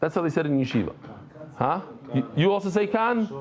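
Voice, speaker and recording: Lively man teaching Talmud, slightly high voice. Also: fairly quick. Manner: lively, jumps between thoughts, self-interrupting; banters with listeners in the room. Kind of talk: daily Talmud lecture to a live audience.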